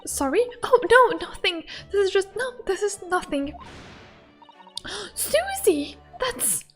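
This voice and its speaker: A giggly young woman chats excitedly while streaming a game. Her voice sits high, and soft music plays faintly behind her. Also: takes it slowly. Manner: excitable and giggly, with playful squeals. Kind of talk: casual game commentary.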